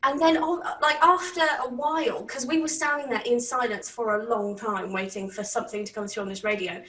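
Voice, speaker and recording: A woman with a British accent telling a story in a casual, animated way, laughing often and swearing. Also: on the high side, fairly quick. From Britain. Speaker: channel host. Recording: roomy, distant from mic.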